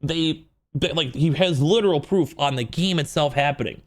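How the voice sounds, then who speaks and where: A man's voice: fairly high pitch, moderate pace. Rambling man commenting on drama clips. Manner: rambling, filler-heavy, emphatic. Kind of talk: casual commentary.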